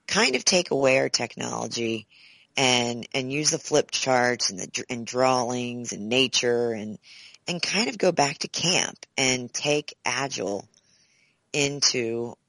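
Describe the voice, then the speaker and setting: A woman chatting as a conference co-chair, high energy and excitable, often restarting and repeating words. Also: no room sound, low-quality recording. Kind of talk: casual conversation.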